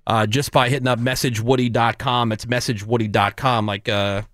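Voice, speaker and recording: A man's voice: mid-range voice, flat delivery, normal speed, a bit bright, no room sound, clean studio sound. Easygoing male radio host. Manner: easygoing, chatty, sarcastic. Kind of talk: morning radio banter. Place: radio studio.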